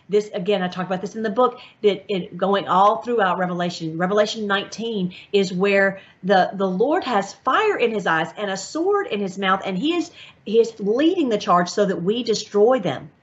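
A woman's voice: medium pitch, dull audio. A woman hosting an online video, reading aloud and commenting in an eager, emphatic way with many restarts.

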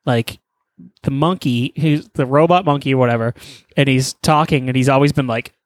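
A man's voice: medium pitch, normal speed, no echo. A man animatedly retelling a story in casual chat, swearing often.

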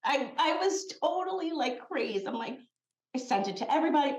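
A woman's voice: high voice, normal speed, echoey room, dull audio. A woman who founded a skincare brand talks as a podcast guest in a casual chat. She tells stories with energy and acts out the quotes. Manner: animated storyteller, acts out quotes.

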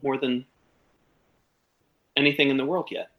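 A man voicing a tearful, fragile young pregnant woman who talks softly and haltingly. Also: medium pitch, little pitch movement, lo-fi sound, voice pushed up, natural voice. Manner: soft, sniffling, halting.

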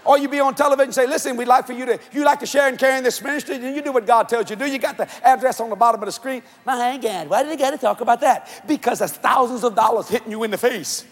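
A man preaching a sermon to a convention crowd, shouting and swinging his pitch up and down. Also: fairly even intonation, racing, few pauses. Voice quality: husky. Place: large church or convention hall. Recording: long hall reverb.

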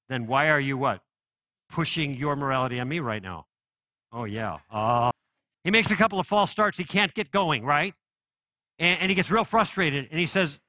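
A middle-aged man lectures on faith and reason with a bright, pressing voice, asking the room rhetorical questions as he builds his case. His pitch sits a little high for a man, and the sound is dry and close. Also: no room sound. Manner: conversational and persuasive, with rhetorical questions. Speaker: Christian apologetics speaker. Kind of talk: live apologetics lecture.

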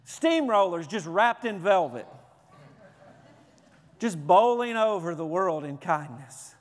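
High-voiced man preaching in an echoing hall. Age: adult with children. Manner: urgent, emphatic, repeats phrases. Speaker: pastor. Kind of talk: sermon.

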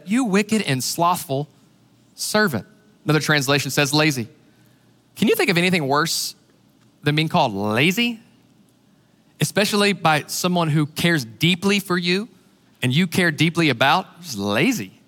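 A man preaching a sermon as pastor, animated and acting out the voices he quotes. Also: on the high side, big-room sound.

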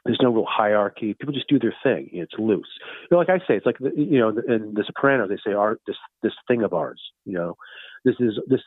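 A man in his fifties, a guest calling in, talking in a loose, rambling and excited way, full of "you know" and "far out". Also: lowish voice, brisk, husky, no echo. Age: 50s. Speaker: guest, founder of a fun-based religion. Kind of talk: casual phone interview. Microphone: phone. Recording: tinny phone line.

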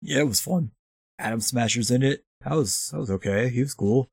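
A man's voice: mid-range voice, moderate pace, gravelly, husky, dry recording, studio quality. A man casually recapping a movie in a profane, rambling way, throwing in mocking impressions. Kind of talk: casual chat.

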